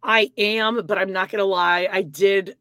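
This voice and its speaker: A woman co-hosting a podcast over a video call, leading the topics in a steady, wry casual chat while coming down with a cold. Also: medium pitch, a little slow, dry recording, studio quality. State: coming down with a cold, clearing throat. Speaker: podcast co-host.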